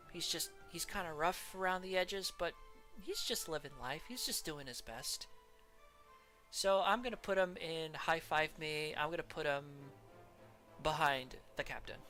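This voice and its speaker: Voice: mid-range voice, bright, forceful tone. A streamer chatting casually while ranking characters, laughing often and trailing off mid-sentence. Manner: giggly, rambling, trails off and restarts.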